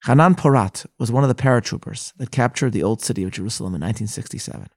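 A man in mid pitch narrates a Bible lesson with earnest, solemn weight. His voice carries a gravelly fry, and the close recording has almost no room sound. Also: racing, no echo. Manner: earnest, reads scripture aloud with solemn emphasis. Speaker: rabbi teaching a daily Bible lesson.

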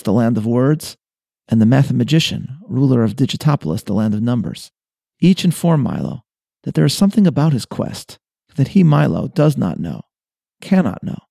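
A man hosting a short reflective talk, reading his script and long quotations in a measured, earnest way. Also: mid-range voice, gravelly, warm tone, no room sound, clean studio sound. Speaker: host.

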